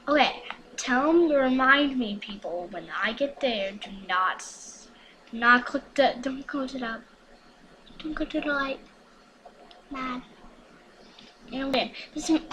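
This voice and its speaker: A woman's voice: sits high, lively intonation, unhurried, pauses often, background noise. A woman recording casual gameplay commentary at home, hyper and chatty, with frequent whispered asides. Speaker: gaming vlogger.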